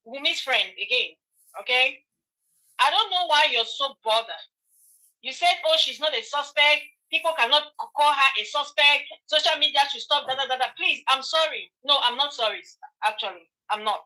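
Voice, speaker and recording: A woman's voice: high voice, pushed and bright, poor audio. A woman hosting a gossip channel, giving a heated, argumentative commentary monologue and talking straight back at her critics.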